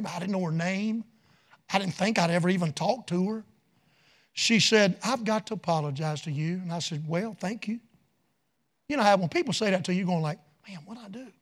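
A middle-aged man preaching a revival sermon full of stories, folksy and rising from quiet asides to loud shouted peaks. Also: high-pitched.

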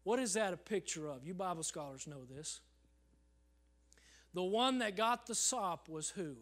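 A man preaching a sermon in a church service, swinging from loud calls to hushed near-whispers and calling "Amen?" to the congregation. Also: high voice, expressive, unhurried. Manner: acts out congregants in quoted voices, asks the crowd "Amen?".

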